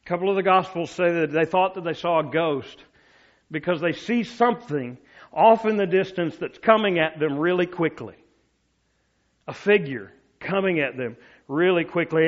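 Man, preacher mid-sermon, vivid storyteller who sinks to a hush for quotes, somewhat high-pitched, lo-fi audio. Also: normal speed. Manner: storytelling, drops to a soft low voice for quoted words.

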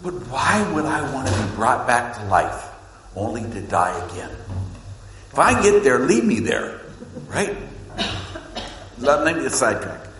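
Preacher with dramatic swings in a reverberant hall. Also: male voice, very animated, a little slow, pauses often. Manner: dramatic swings between loud emphasis and hushed low lines. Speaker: pastor. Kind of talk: sermon. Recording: echoey hall with long reverb.

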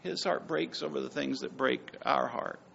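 A man preaching a sermon, emphatic and swinging between loud passages and soft ones. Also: medium pitch, steady tone, moderate pace, gravelly, dull audio, slight background noise. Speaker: pastor.

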